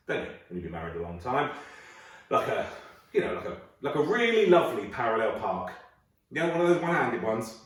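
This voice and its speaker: A man in his forties performs a crude, chatty stand-up set at home, his pitch swinging widely as he talks. His voice rings around a bare, echoey room. The mic sits well away from him. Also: recorded from a distance. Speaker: stand-up comedian.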